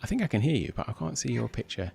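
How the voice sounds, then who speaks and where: Chatty man with a lively voice on a video call. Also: mid-range voice, rapid-fire, gravelly, breathy edge. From United Kingdom. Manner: laughs often, chatty and hesitant. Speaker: host. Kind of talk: casual video call chat.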